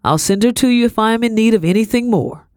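A woman voicing a stout, dismissive gentleman who curtly sends others away. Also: a little high, fast, no echo, studio quality, pitched above the performer's own voice, close to an everyday voice. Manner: curt, dismissive.

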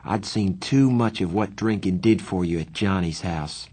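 A man narrating a novel aloud in the first person, with a low, husky voice. He tells the story in a plain, steady way. His reading stays even and unhurried. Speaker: audiobook narrator.

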